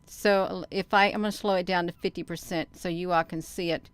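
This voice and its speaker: A woman with a low, very smooth and resonant voice talks casually to her viewers about her footage. She rambles and stops herself often, full of fillers and restarts. The sound is dry and close, with no room around it. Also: fairly even intonation, brisk, no echo. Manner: talks straight to viewers as "you all". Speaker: vlogger. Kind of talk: casual commentary while showing her own sky footage.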